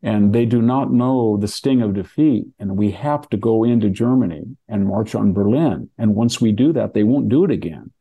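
A man's voice: lowish voice, moderate pace, few pauses, breathy edge, narrow, tinny audio. An older man from California talking through history in a rambling, casual way, with many restarts and asides. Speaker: podcast host discussing history.

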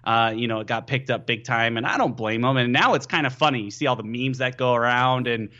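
Excitable young man, dull lo-fi audio. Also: medium pitch, brisk. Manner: excitable storyteller, leans on "you know". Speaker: pro football player guest. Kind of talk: casual podcast chat.

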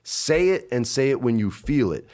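A man in his forties telling casual stories in a relaxed, slangy, profane way, laughing often as he talks. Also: mid-range voice, moderate pace. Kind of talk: casual storytelling chat.

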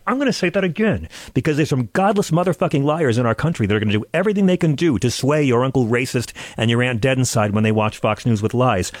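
A man hosts a political talk show, reading his commentary with a sarcastic and indignant bite, swearing freely. His voice sits at an ordinary middle pitch. It is recorded close and dry, with no room sound. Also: expressive, quick pace, no room sound. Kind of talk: scripted political commentary monologue.

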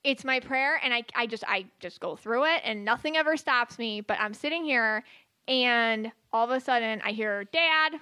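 A woman co-hosting a podcast as a psychic, chatting casually and telling stories in an animated way with frequent laughter. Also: a little high, normal speed, smooth, dry recording. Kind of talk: casual chat and storytelling.

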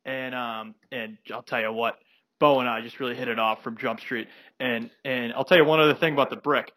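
A man's voice: mid-range voice, fairly even intonation, a little fast, sharp tone, dry recording, rough recording. A man from South Carolina co-hosting a casual sports podcast, telling rambling stories with many "you know"s and restarts. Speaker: podcast co-host.

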